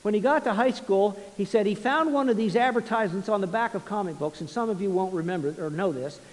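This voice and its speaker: Male pastor, sermon storytelling, high voice, long church-hall reverb, repetitive restarts, quiet to loud swings. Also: fast. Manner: retells a story with frequent repeats and restarts.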